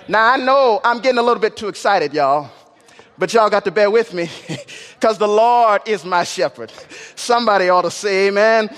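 High voiced preacher man, call n response, repeats lines in rhythm, big church echo. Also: moderate pace, fairly bright tone. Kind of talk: sermon. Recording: long church reverb.

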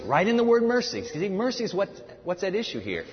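A man preaching a sermon from scripture, emphatic and animated, telling his listeners to write things down. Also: sits high, brisk, hardly any pauses. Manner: animated and emphatic, tells listeners to take notes. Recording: reverberant hall, dull lo-fi sound.

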